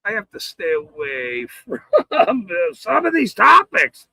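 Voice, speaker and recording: Male stream host, high gravelly voice, slow talker, close and dry. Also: huge pitch swings, sharp tone, no echo, rough recording. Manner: laughing often, swearing, greeting chat viewers. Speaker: livestream host. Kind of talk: casual livestream chat.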